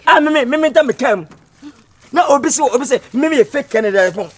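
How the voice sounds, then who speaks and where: An actor with a Ghanaian accent playing a blustering husband who stammers and defends himself in a comedy film. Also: male voice, extremely high pitch, lively intonation, fast talker, breathy edge, full character voice.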